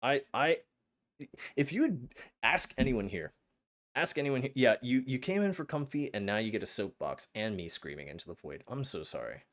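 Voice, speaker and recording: A young man streaming a game, chatting to his viewers in an excitable, flustered way with frequent stammers. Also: medium pitch, normal speed. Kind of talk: casual live-stream chat.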